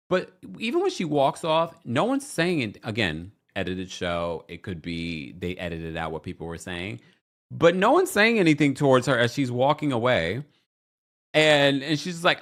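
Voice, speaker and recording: Guy doing a gossipy reality tv recap, lively up-and-down voice, bit gravelly. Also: moderate pace. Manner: animated, gossipy, jumps into high mocking voices when quoting. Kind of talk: casual recap commentary.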